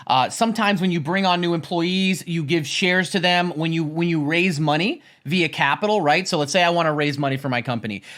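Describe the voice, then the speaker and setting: A man's voice: on the high side, fairly quick, few pauses, a bit bright. A man casually explaining finance on his livestream, rambling and repeating himself, tagging "right?" onto his points, with jokey, profane asides. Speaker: stock trading streamer.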